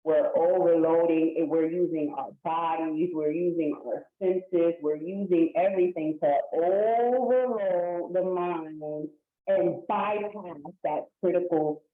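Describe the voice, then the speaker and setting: A woman hosting a casual talk on hypnosis, explaining in a lively, slangy way and acting out little scenes. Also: fairly low pitch, slow. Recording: echoey, tinny phone-like sound.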